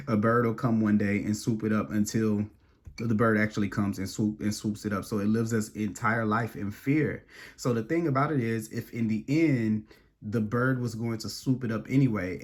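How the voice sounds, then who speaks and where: A man's voice: fairly low pitch, fairly even intonation, normal speed. A man talks his way through a tarot reading in a loose, rambling way. He trips over and repeats his words and speaks straight to the listener as if chatting with a friend. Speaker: tarot reader.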